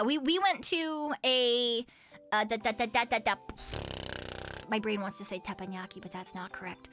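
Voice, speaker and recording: A woman VTuber with a fairly high, pushed, bright voice chats casually on stream. She keeps giggling between sentences and rambles, leaning on fillers and correcting herself.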